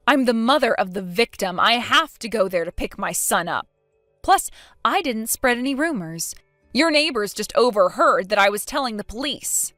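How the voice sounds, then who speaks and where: A woman's voice: mid-range voice, big pitch swings, moderate pace, a bit bright, no echo, faint music behind. A woman reading a texting story as the daughter-in-law, with a cold, accusing and sarcastic manner. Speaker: narrator voicing the daughter-in-law.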